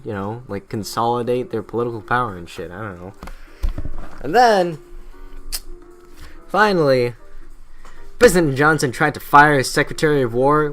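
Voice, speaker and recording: A man's voice: medium pitch, a bit bright. A young man explaining history in a casual, irreverent way, swearing constantly and slipping into mocking voices for historical figures. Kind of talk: casual profane history narration.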